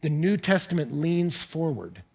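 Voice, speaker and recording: A husky, fairly high-pitched man preaches to his church. He is middle-aged and tells stories with energy, slipping into the voices of the people he quotes. His manner stays conversational and direct. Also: unhurried. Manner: animated storyteller, acts out dialogue in quotes. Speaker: pastor. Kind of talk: sermon.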